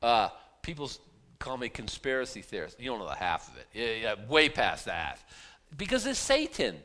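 A pastor preaching a sermon in a conversational, animated way, full of rhetorical questions. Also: male voice, medium pitch, normal speed.

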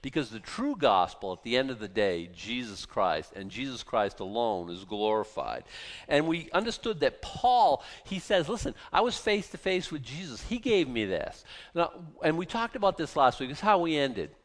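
A man's voice: mid-range voice, sing-song, moderate pace. A man preaching a sermon, emphatic and sarcastic, firing rhetorical questions at the congregation. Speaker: pastor.

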